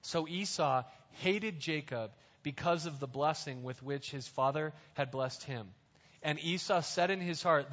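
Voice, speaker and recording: Higher-voiced preacher in a reverberant hall. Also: male voice, a little slow, a bit bright. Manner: conversational, explains scripture in plain words. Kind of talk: sermon. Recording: reverberant hall, dull lo-fi sound.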